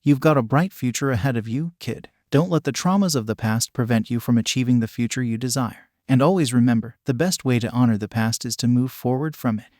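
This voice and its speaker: A man reading the lines of an encouraging, gently preachy male author who mentors a young fan, in a dry, close recording. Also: mid-range voice, brisk, few pauses, no room sound, close to an everyday voice.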